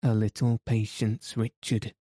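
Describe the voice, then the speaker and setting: A man's voice: lowish voice, little pitch movement, measured pace, dark tone, no echo, studio quality. A man voicing an irate, suspicious middle-aged male theatre manager who talks in an indignant, insistent way. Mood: tense.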